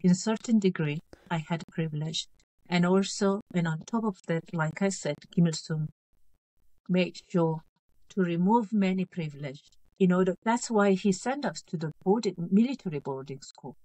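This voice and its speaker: A woman in her fifties raised in North Korea, a guest author in an interview, speaking in a halting, earnest way, repeating phrases and checking she is understood. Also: lowish voice, dark tone, no room sound, low-quality recording. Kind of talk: interview conversation.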